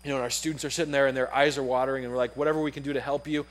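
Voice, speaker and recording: A young adult man preaching a sermon in a casual, animated way, acting out the voices in his story. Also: mid-range voice, very fast.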